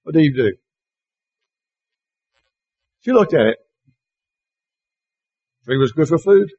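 Gravelly man teaching Bible class. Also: fairly high pitch, animated, mellow, lo-fi sound. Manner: slow, emphatic reading of verses with questions to the class. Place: classroom or church hall with slides.

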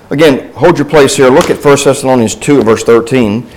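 A man's voice: medium pitch, normal speed, few pauses, darkish tone, poor audio. A man teaching a Bible class in a conversational way. He asks the class questions and answers them himself, with restarts and asides along the way.

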